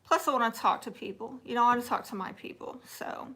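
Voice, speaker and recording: A woman's voice: on the high side, fast. A woman with a Southern accent from Texas, hosting a casual livestream, reading viewer comments aloud and answering them in a chatty, teasing way with frequent laughter. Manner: chatty and teasing, laughs often, drops to soft asides. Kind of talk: casual live chat.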